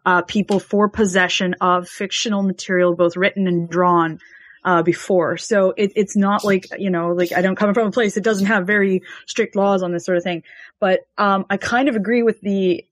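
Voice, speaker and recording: A woman's voice: medium pitch, fairly even intonation, moderate pace. A woman from Canada, a regular guest on a podcast, talking in an earnest, hesitant way as she searches for words. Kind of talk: casual podcast discussion.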